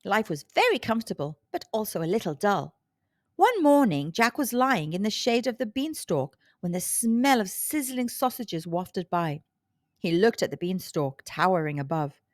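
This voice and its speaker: A woman storyteller reading a children's storybook aloud with a slow, expressive delivery. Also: mid-range voice, dry recording, clean studio sound.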